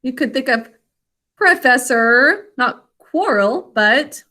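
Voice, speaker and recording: A woman teaching an online spelling lesson to children, speaking slowly and clearly. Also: fairly high pitch, animated, pushed and bright. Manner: slow, clear enunciation for children.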